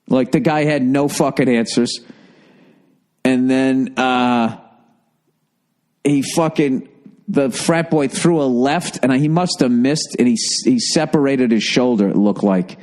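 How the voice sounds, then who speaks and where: A man's voice: medium pitch, a little mellow. A man in his forties hosting a podcast, telling a rambling, profane story in a casual comedic monologue. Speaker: podcast host.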